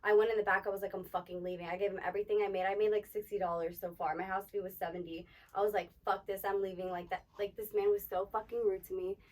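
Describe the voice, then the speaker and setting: A woman's voice: mid-range voice, fairly even intonation, fast, hardly any pauses, a little mellow, recorded from a distance. A young woman co-hosting a casual chat, giving blunt, profane pep talk. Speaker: podcast co-host, dancer.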